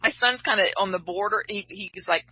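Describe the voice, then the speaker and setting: A woman's voice: mid-range voice, a little fast, slightly rough. A middle-aged woman, a tarot reader, chatting casually and telling rambling stories. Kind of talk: casual chat. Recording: dull lo-fi sound.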